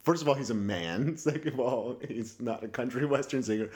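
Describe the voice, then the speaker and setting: A man's voice: mid-range voice, a little fast, a little mellow. A man co-hosting a casual chat podcast, laid-back and cracking dry jokes. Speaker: podcast co-host.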